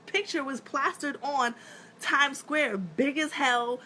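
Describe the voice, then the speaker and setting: A bright, sharp-toned woman in her thirties talks casually to her followers on a live stream. She tells stories with lots of energy, laughs often and swears without a second thought. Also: high-pitched, takes it slowly, slight background noise. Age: 30s. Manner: animated storytelling, laughs often, swears freely.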